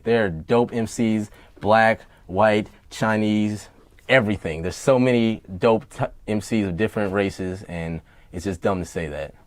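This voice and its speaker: A man's voice: fairly low pitch, no room sound. Man, rapper guest, casual interview, profane, heated, dry close sound. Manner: blunt, profane and heated, with many fillers.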